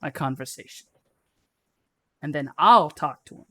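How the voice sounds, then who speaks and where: A man's voice: a little high, animated, unhurried, no echo. A man voicing a hot-tempered, swearing male crime boss who barks orders at his men. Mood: commanding. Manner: loud, profane, commanding.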